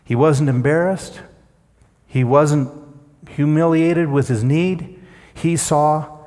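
Slow, emphatic preacher in a reverberant hall. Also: male voice, fairly high pitch, expressive. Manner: slow, emphatic delivery with dramatic swells and quiet drops. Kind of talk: sermon.

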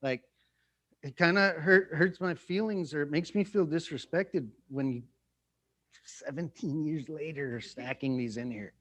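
Middle-aged guy preaching casual, slightly high voice, keeps cracking jokes on himself. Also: unhurried, a bit bright, breathy edge. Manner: playful, self-mocking, jokes and laughs often. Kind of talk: conversational sermon.

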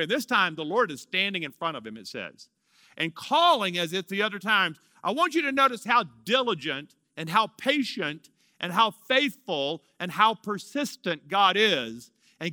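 A man's voice: high-pitched, sharp tone, no echo, studio quality. A man in his fifties preaching a sermon, dramatically drawing out key words and acting out the lines of the story. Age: 50s. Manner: emphatic preaching, draws out key words, acts out dialogue. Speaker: pastor.

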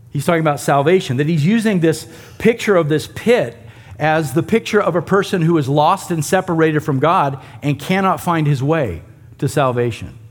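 A man preaching a sermon and teaching a Bible passage in a conversational way, with asides to the congregation. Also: fairly high pitch. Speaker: pastor.

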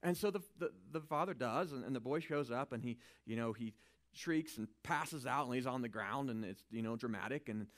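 A man delivers an informal, animated Bible teaching in a conversational style, moving between quiet asides and loud emphasis and frequently asking "right?". His voice is mid-range and his pace fairly quick.

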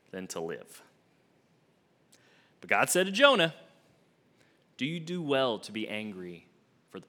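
A young adult man, an associate minister, preaching a sermon with expressive swings from emphatic to hushed. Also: medium pitch.

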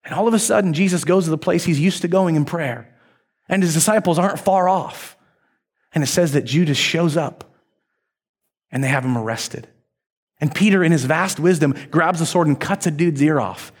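A male pastor preaching a sermon, retelling a story in a lively, conversational way. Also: a little high, normal speed, husky.

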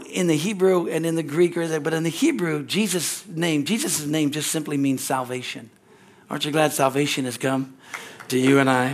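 Higher-voiced male pastor preaching. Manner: reads scripture with rising emphasis, then chats loosely with asides. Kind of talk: sermon. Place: church service.

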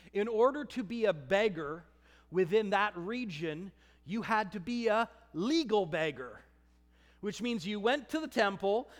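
High-voiced, impassioned male preacher. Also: long reverb tail. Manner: impassioned, swinging between shouts and hushed emphasis. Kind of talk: sermon.

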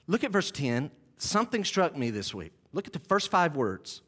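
A man's voice: on the high side, very animated, normal speed, a bit bright, breathy edge. A man preaching a sermon as pastor, emphatic and repeating key phrases, with conversational asides to the congregation. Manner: conversational asides, self-deprecating. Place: church sanctuary.

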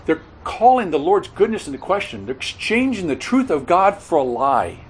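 Earnest male preacher, halting and self-correcting, with a lively rising and falling voice. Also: high voice, a little hiss or hum, rough recording. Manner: halting, repeats words, corrects himself mid-sentence; earnest expository teaching, stresses key words. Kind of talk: sermon.

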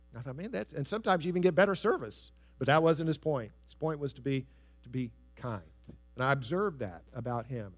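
A man preaching a sermon in an earnest, storytelling way, stressing key phrases and dropping soft on others. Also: on the high side. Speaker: pastor.

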